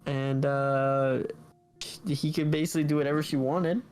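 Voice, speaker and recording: A man's voice: mid-range voice, fairly even intonation, moderate pace, a little mellow, clear, resonant tone, soft background music. A man co-hosting a podcast, chatting casually and animatedly about anime episodes, laughing often as he retells scenes. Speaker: podcast co-host.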